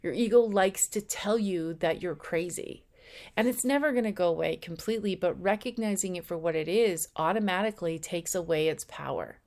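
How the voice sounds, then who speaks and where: A woman giving a conversational spiritual teaching talk, acting out the anxious and calm inner voices now and then. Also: lowish voice, brisk. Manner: acts out voices of ego and intuition; conversational, with slips and restarts. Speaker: spiritual speaker.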